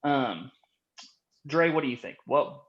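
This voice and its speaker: A man's voice: medium pitch, lively intonation, slow. A man hosting a casual gaming podcast, telling stories in a laid-back, chatty way and asking his co-host questions. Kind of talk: casual chat. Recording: dull lo-fi audio.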